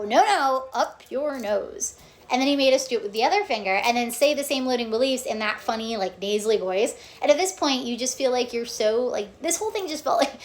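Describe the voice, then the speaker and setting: A woman vlogger telling her own story in casual, animated chat, often checking in with "okay?" and "like". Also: sits high. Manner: animated, acts out quotes, frequent "okay?" and "like".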